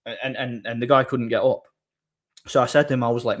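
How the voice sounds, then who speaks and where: A man's voice: medium pitch, steady tone, fairly quick. Rambling man chatting on stream. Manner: rambling storyteller, frequent restarts; blunt, crude banter. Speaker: live-stream host. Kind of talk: casual live-stream chat.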